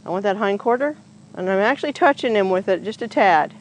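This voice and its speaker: A horse trainer talks through a groundwork session outdoors in a relaxed, chatty way. The speaker's pitch sits mid-range, and a faint outdoor hiss runs underneath. The voice is picked up by a camera standing nearby. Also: brisk, poor audio. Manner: chatty, explains each step aloud, talks to the horse in coaxing baby talk. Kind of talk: casual explanatory groundwork demo. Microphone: camera set up nearby on the ground.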